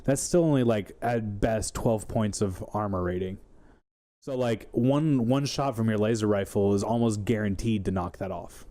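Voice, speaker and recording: A man's voice: fairly low pitch, moderate pace, dark tone. A young man on a podcast, the game master, talking in a loose, rambling way and laughing often. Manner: rambling, laughing, acts out players' voices. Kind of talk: casual podcast chat.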